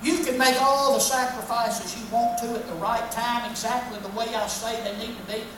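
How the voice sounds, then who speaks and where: A stern, scolding God, as a woman preacher puts him on, delivered in a high voice. The words ring through a big echoing room, picked up from far off. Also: steady tone, normal speed, a bit bright, slight background noise, close to an everyday voice. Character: displeased God rebuking his people. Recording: echoey hall from far off.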